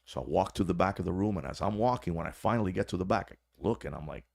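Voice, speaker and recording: Gravelly low-voiced man telling a story. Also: fast. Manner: profane, slangy, animated. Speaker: podcast guest, former corrections officer. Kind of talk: casual storytelling.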